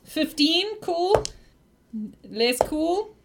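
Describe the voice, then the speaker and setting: High-pitched lady gm narrating a tabletop game, giggly and lively. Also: extremely slow, noisy background. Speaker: game master.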